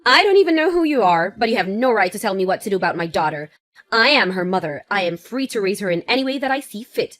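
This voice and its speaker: A woman's voice: medium pitch, fast talker, a bit bright, no room sound, natural voice. A woman voicing a cruel, self-centered divorced mother who mocks and taunts in a text-message story. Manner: mocking, self-satisfied. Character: cruel selfish divorced mother, vain and scornful. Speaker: ex-wife.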